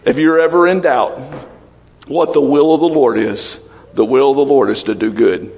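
A male pastor delivers his sermon with open emotion, climbing high and bright in praise and sinking low and hushed for warnings. His voice sits at an ordinary middle pitch, carried by the long reverb of a large hall. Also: normal speed, slight background noise. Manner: emotional, animated preaching with laughs and sudden drops to low, quiet tones.

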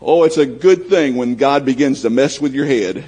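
A man's voice: mid-range voice, normal speed, dark tone, slightly rough. A man preaching a sermon in a folksy, conversational way, acting out little bits of dialogue as he goes. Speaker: pastor.

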